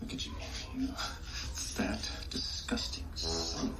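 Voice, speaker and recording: Middle-aged fitness fanatic who mocks slowly and cruelly, lively swinging pitch. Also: male voice, soft background music, heavily acted. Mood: taunting. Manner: sneering, taunting.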